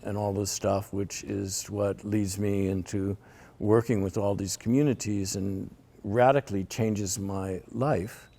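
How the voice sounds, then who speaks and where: Older man, low gravelly voice, rambling storyteller in an interview, stumbles and repeats words. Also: darkish tone. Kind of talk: storytelling conversation.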